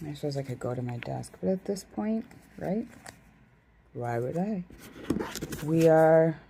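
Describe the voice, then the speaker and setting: A tired tarot reader streams live, shuffling cards and yawning while she chats casually with viewers, jokes at her own expense, and talks to herself. Her deep voice is warm, gravelly, and expressive, at a measured pace. The recording is low quality, with a little hiss or hum.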